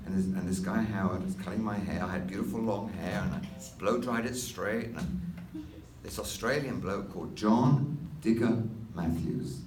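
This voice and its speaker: A man's voice: lowish voice, moderate pace, darkish tone, soft background music. A man in his sixties from North London with an English accent, telling rambling stories to an audience with wry asides. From North London, England. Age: 60s. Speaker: master stylist, speaker. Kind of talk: anecdotal talk to an audience. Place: hall with an audience. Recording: echoey hall, mic at a distance.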